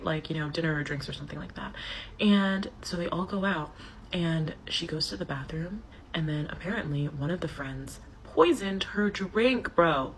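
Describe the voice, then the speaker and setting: A woman retelling a story she saw online in a gossipy, animated way, with slang. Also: low voice, slight background noise, rough recording. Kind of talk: casual chat.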